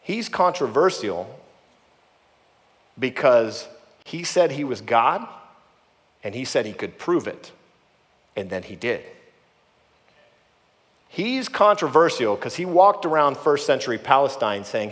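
A man's voice: mid-range voice, sing-song, slow pace, pauses often. A man preaching a sermon, earnest and emphatic, acting out the voices he quotes. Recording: long hall reverb.

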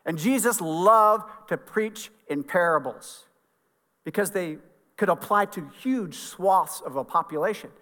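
A man's voice: sits high, a little slow, sharp tone, big-room sound. A middle-aged man, a pastor, giving an earnest, conversational sermon in a church sanctuary.

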